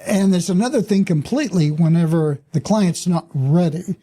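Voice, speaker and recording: Guy hosting a coaching podcast, deep mellow dark voice, thinks out loud, lots of uh and like. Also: moderate pace. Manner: reflective, hesitant with fillers. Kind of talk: conversational interview.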